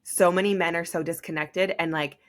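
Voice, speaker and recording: A woman's voice: lowish voice, steady tone, brisk. A young woman hosting a podcast, telling a personal story in a casual, chatty way, full of "like.". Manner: chatty, heavy use of "like". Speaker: podcast host.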